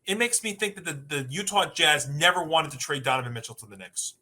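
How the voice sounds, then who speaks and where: A man's voice: fairly high pitch, expressive, fairly quick, sharp tone. A man co-hosting a sports talk podcast, arguing emphatically and rattling off long lists of teams.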